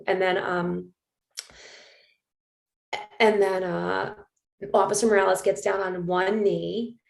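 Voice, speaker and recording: A woman's voice: medium pitch, vocal fry, a little mellow. A woman hosting a podcast conversation, her voice sitting in the middle of the usual range. She talks in a loose, chatty way, leaning on little filler words as she tells a story, and the room around her gives the sound a noticeable echo. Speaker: podcast host. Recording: roomy echo.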